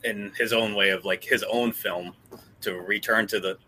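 A man talking in a casual panel discussion, halting and restarting his sentences. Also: fairly low pitch, fairly even intonation, sharp tone, a little hiss or hum. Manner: halting, restarts often, laughs easily.

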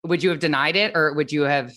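A woman hosting a casual interview, chatty and frank, quick to agree. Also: low voice, a bit bright. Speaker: host.

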